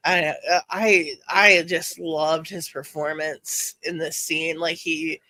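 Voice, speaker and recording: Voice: medium pitch, little pitch movement, slow, bright, forceful tone, no echo. A podcast co-host in casual chat about a TV show, chatty with laughing asides.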